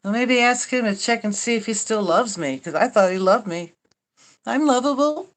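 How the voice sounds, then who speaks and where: A woman's voice: fairly high pitch, lively intonation, normal speed. An older woman hosting a casual livestream chat, rambling and wry, mocking herself and swearing now and then. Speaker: livestream host.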